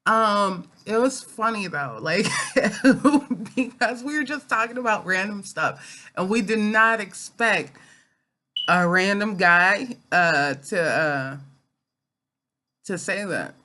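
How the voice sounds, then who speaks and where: A woman's voice: mid-range voice, takes it slowly, sharp tone. A woman vlogger telling a personal story in a casual chat from home. She rambles and halts, with many fillers and restarts.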